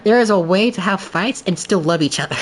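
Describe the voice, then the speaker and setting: A man chatting off the cuff during a game stream. He rambles through loose, filler-packed thoughts and laughs between them. He slips into quick voices when he retells a clip. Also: high-pitched, background noise. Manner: animated storytelling with quoted voices. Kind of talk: casual livestream chat.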